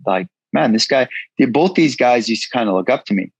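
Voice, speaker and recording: A man's voice: medium pitch, lively intonation, fairly quick, husky, no room sound, low-quality recording. A man in his thirties, a guest in an interview, telling his story frankly and casually, swearing freely. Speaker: guest, entrepreneur.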